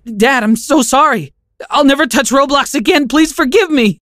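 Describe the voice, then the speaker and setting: A man's voice: expressive, normal speed. A man doing a sobbing teenage boy. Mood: tearful. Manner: pleading, choked-up, high. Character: teenage boy, tearful and pleading.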